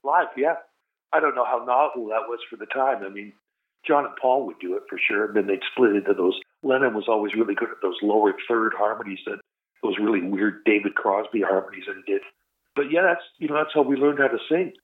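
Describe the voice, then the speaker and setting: A man's voice: fairly low pitch, fairly quick. An older male musician telling rambling stories about his career in a casual interview, laughing at himself. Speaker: guest musician. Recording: tinny phone-line audio.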